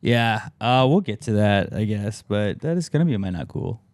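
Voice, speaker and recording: A man's voice: fairly low pitch, expressive, normal speed, a little mellow, no echo, studio quality. A man hosting a podcast in casual chat, grumbling and swearing freely. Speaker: podcast host.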